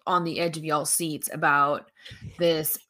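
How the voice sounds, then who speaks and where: A woman's voice: deep voice, flat delivery, unhurried, sharp tone. A woman co-hosting a podcast, chatting casually and teasing her co-host in a playful way. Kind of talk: casual chat.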